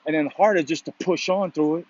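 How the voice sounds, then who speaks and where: A man with a somewhat high voice talks through a loose motivational monologue, circling his points with constant "you know"s and "pretty much"es and the odd curse. The recording is dull and lo-fi. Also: fast talker, darkish tone. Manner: rambling, fillers like "you know" and "pretty much", casual swearing. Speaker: motivational vlogger. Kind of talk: casual spoken monologue. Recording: dull lo-fi sound.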